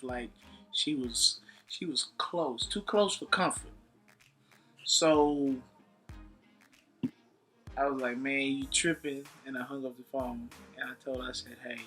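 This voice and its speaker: A man tells a story in a casual, animated voice with a sharp, bright tone. He acts out the quotes and breaks into laughter often. Soft music plays faintly behind him. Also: medium pitch. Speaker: vlogger recounting a fight. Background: faint background music.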